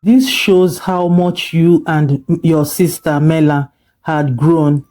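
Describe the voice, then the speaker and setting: A narrator voicing a gentle, kind father. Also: medium pitch, slow pace, natural voice.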